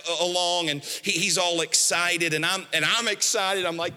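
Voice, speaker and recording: A man's voice: a little high, fairly even intonation, unhurried, pushed and bright, smooth. A man preaching a sermon as pastor, emphatic and storytelling, repeating his key phrases. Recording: echoey hall.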